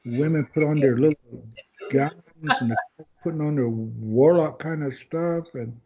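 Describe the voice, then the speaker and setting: A man's voice: fairly high pitch, a little slow, breathy edge. A man guesting on a podcast who tells rambling anecdotes in casual storytelling style, acting out other people's lines as he goes. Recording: dull lo-fi podcast audio.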